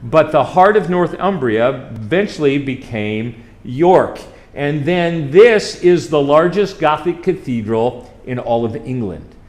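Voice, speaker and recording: A man's voice: on the high side, animated, takes it slowly. Chatty, folksy man giving a slideshow talk. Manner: folksy, chatty storytelling with fillers and asides to the audience. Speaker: chaplain presenting a trip.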